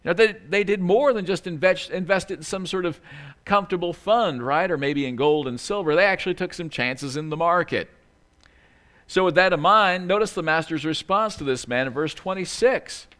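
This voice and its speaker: A man's voice: sits high, moderate pace, a bit bright. A man preaching a sermon as pastor, talking in a conversational way with asides and self-corrections, sometimes acting out quoted lines in a small pleading voice.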